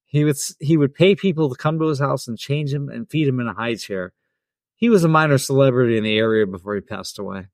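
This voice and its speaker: A man's voice: mid-range voice, fast, dry recording, studio quality. A man co-hosting a podcast, reading out customer stories and joking crudely. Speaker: podcast co-host. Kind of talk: casual chat and impressions.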